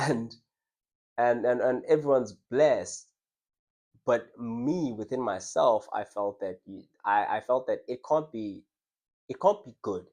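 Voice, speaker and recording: A man's voice: medium pitch, takes it slowly, darkish tone. A young man casually telling a personal story to his audience, reflective and conversational, often restarting his words and laughing. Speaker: vlogger.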